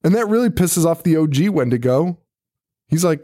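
A man's voice: on the high side, moderate pace. A man co-hosting a podcast, chatting casually about a horror movie, swearing a lot and laughing often. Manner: profane, animated, laughs often. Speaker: podcast co-host. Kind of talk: casual movie review chat.

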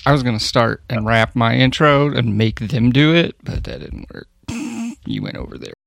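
A man playing in a tabletop game podcast, goofy and quick to laugh. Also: mid-range voice, very animated, gravelly, a bit bright, no room sound, studio quality. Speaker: player. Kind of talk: casual tabletop game chat.

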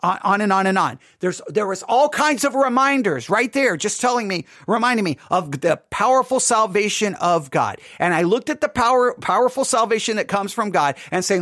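Male pastor, devotional talk, high voice, earnest, repetitive, dry close recording. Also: expressive, moderate pace, few pauses, sharp tone, no room sound. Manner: earnest, repetitive, self-correcting. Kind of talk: late night devotional talk.

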